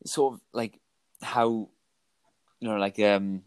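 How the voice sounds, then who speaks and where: A man's voice: on the low side, fairly even intonation, slow, smooth, no echo. A man co-hosting a podcast, reviewing films in casual chat, thoughtful and hesitant with many fillers. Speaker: podcast co-host.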